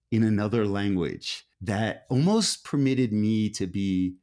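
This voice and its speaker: A man's voice: on the low side, measured pace, a little mellow. A middle-aged man, an author being interviewed, talking in a thoughtful, meandering way with frequent restarts. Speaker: author, guest. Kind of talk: conversational interview.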